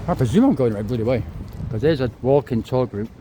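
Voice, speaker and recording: Man, 50s, walking vlogger, winded, chatty and sweary, mid-pitched, clip-on mic with street noise behind. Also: animated, quick pace, dark tone. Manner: chatty, rambling, swears and apologizes. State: out of breath. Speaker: travel vlogger. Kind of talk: casual walking vlog. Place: city streets outdoors. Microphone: clip-on mic to phone.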